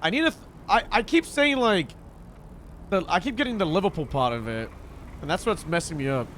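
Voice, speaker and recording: A man's voice: sits high, lively intonation, fairly quick, fairly bright tone, a little hiss or hum. A man streaming a game, chatting casually, laughing at himself and swearing freely.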